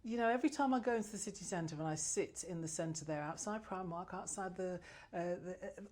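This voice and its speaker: A woman's voice: on the low side, a little fast, a little mellow. A woman answering interview questions as a new business chamber president, passionate and effusive, with frequent restarts.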